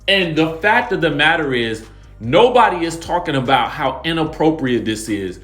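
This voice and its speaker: Male gossip host, slightly high-pitched, animated and emphatic, light music bed. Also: moderate pace. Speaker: celebrity gossip YouTuber. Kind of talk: reality TV recap commentary.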